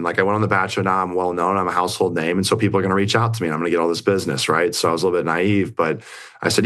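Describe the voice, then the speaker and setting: A man's voice: low voice, very fast, fairly bright tone. A young man, an interview guest, retelling a story in a rambling way full of fillers and quoted lines.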